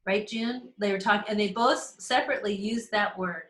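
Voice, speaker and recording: A woman's voice: medium pitch, fairly quick, few pauses, a bit bright. A woman hosting a casual live astrology call, enthusiastic and laughing often as she speaks to members by name. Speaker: host of an astrology community call. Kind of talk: casual live teaching chat. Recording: roomy echo.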